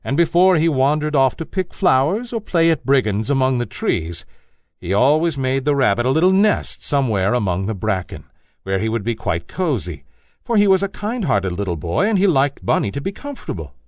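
Male storybook reader, gentle and very expressive in his melody, dry close sound. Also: mid-range voice, moderate pace, no room sound. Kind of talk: storybook read-aloud.

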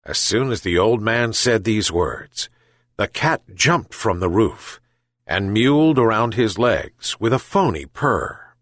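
A man's voice: lowish voice, no room sound, studio quality. A man reading a folk tale aloud as scripted storybook narration. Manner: slow, very lively reading. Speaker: audiobook reader.

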